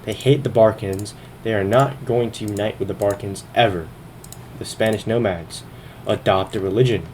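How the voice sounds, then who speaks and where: With a darkish, low-leaning voice and slight background noise, this gaming video host casually talks through a strategy game. He thinks aloud as he narrates every turn, sometimes slightly out of breath.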